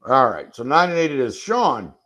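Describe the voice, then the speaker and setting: A man's voice: mid-range voice, sing-song, moderate pace, fairly bright tone. A man hosting a casual football talk show, asking long rambling questions with jokes. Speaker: football podcast host. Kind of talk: casual sports chat.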